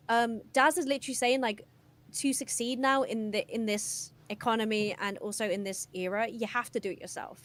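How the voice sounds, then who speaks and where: A young woman from the West Midlands with a mixed English accent, chatting casually on a podcast and laughing often. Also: medium pitch. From West Midlands, England. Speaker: podcast guest. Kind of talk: casual chat.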